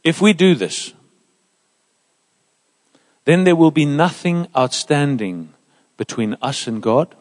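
A man preaching a sermon in a church, emphatic and lively, dropping into soft asides. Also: on the high side, takes it slowly, long pauses. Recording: reverberant church hall.

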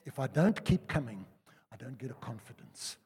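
An older South African man preaching a sermon, telling personal stories in a chatty way that swings between loud and hushed. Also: mid-range voice, moderate pace, breathy edge. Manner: conversational storytelling, lively swings from loud to hushed. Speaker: pastor. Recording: reverberant church hall.

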